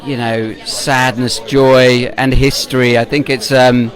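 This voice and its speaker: Guy gushing about the show on the red carpet, medium voice, excited. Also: medium pitch, slow, a faint crowd. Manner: enthusiastic, praising, lists words. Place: outdoors at a city premiere.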